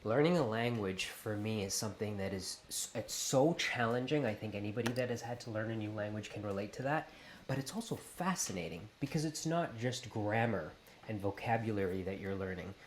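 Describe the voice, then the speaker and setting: A man in his late thirties from Canada with a Canadian accent, a host talking casually to camera in an animated, playful way. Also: on the low side, brisk, slight background noise.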